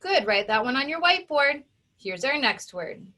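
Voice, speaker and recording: Bright and forceful, her high-pitched voice has a sing-song lilt as this woman teacher records a phonics lesson for children. Patiently, she gives the young pupils step-by-step instructions, enunciating each sound with deliberate care.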